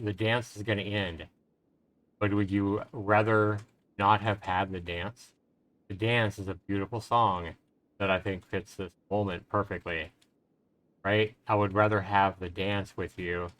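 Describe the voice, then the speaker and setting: A man's voice: sits low, fairly bright tone. A male streamer commenting on a game live, speaking in an earnest, emotional way and giving reflective advice to his viewers.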